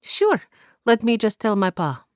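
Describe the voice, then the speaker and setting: Bold nine-year-old girl, high and direct, as a woman narrator puts her on. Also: huge pitch swings, measured pace, a little mellow, no room sound, studio quality. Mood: pert. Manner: pert, direct.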